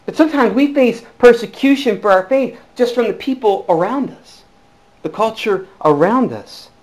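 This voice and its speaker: A man preaching a sermon as pastor, earnest, dropping to hushed tones and rising to emphatic bursts. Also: high voice, lively intonation, moderate pace, low-quality recording.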